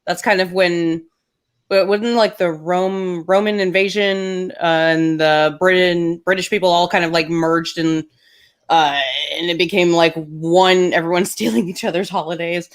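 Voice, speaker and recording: A woman with a Memphis accent co-hosts a relaxed conversation. She hesitates often and fills her sentences with "uh" and "like". Her voice sits a little low. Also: a little slow. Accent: Southern US, Memphis. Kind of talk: casual chat.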